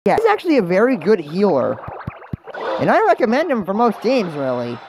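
A woman's voice: medium pitch, wildly swooping pitch, brisk, background noise. A woman giving casual let's-play commentary, chatty and rambling, who mocks herself and talks to the game characters. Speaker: gaming channel host. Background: game music.

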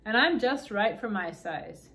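A woman's voice: medium pitch, expressive, a little slow, bright, forceful tone, a little hiss or hum. A woman reading aloud and voicing a tiny, fussy, pompous male king who talks in a raised, peevish way.

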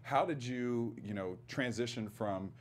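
A man's voice: mid-range voice, unhurried, slight background noise. A man hosting an interview, teasing his guest in a jovial way and laughing along with her. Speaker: interview host. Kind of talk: casual interview chat.

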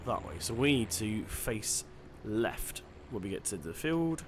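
A man's voice: fairly low pitch, sing-song, measured pace, a little hiss or hum. A man giving casual let's-play commentary, chatty and self-deprecating, thinking aloud as he plays. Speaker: gaming channel host.

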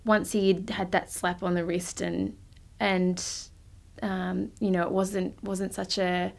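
A young woman shyly recalling a story in a documentary interview, with lots of fillers and restarts. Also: mid-range voice. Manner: hesitant, shy, many fillers and restarts. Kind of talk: documentary recollection.

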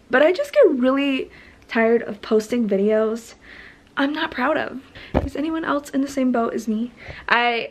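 A young woman chatting casually to her camera at home, rambling and often breaking off mid-sentence. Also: fairly high pitch. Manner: rambling and self-interrupting, trails off mid-sentence. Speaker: vlogger. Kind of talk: casual vlog chat. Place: at home, indoors.

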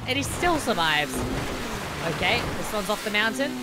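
A woman's voice: mid-range voice, sing-song, moderate pace, very noisy. A woman giving playful, jokey reaction commentary as a video host, full of exclamations.

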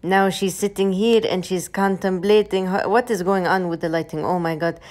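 A young woman narrating a comedic day-in-the-life vlog in playful, deliberately broken English. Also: on the low side, fairly even intonation, a little mellow. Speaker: comedy vlogger.

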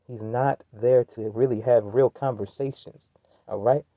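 A man's voice: medium pitch, fairly even intonation, a little slow, mellow, dry recording, dull audio. A man giving a heated, rambling commentary rant, full of slang and restarts. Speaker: commentary vlogger. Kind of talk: ranting commentary.

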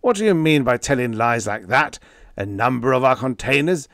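A man voicing a gruff, blustering old ship captain who talks in folksy, ungrammatical speech in an audiobook. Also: mid-range voice, expressive, moderate pace, a bit bright, no room sound, studio quality, voice pushed up.

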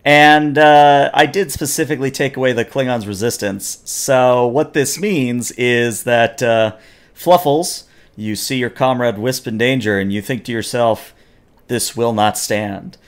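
A man running a tabletop game as game master, narrating the action with animated storytelling and frequent fillers. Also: mid-range voice, a little slow, clean tone.

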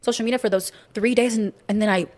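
Fast, rambling woman telling a story. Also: on the high side, steady tone, a little mellow. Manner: rambling, filler-heavy. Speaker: guest in a played clip. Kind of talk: confessional storytelling.

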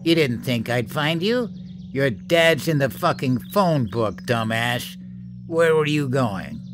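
A man's voice: mid-range voice, animated, slow pace, over music, pitched above the performer's own voice. A man voicing a snarling teenage bully. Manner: snarling, hissing, profane. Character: cruel sneering teenage boy bully.

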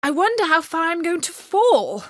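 A woman's voice: very high-pitched, very animated, normal speed, dry recording, studio quality, pitched above the performer's own voice. A woman voicing a silly young male jester who works as a secret agent, telling jokes in a chirpy, cheeky way in a storybook reading. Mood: worried.

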